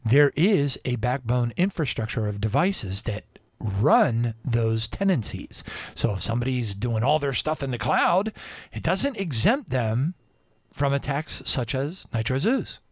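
A man's voice: medium pitch, sing-song, a little slow, dry recording, studio quality. A man hosting a radio show, talking in a rambling, digressive casual monologue.

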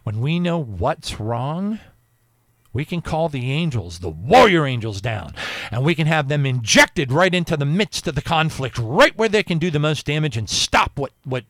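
A man from Pennsylvania giving an informal Bible teaching, animated and full of stumbling restarts. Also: fairly high pitch, moderate pace, no room sound, studio quality.

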